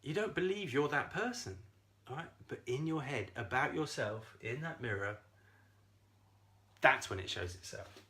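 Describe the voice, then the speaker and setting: A man coaching viewers on a live stream, animated and talking straight to them, swearing freely and laughing often. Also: medium pitch, moderate pace. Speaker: self-esteem coach.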